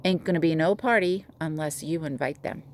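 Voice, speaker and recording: A woman reading aloud as a kindly, wise older woman who speaks in an unhurried, gently firm way. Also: low-pitched, noisy background, close to an everyday voice. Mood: gentle, firm.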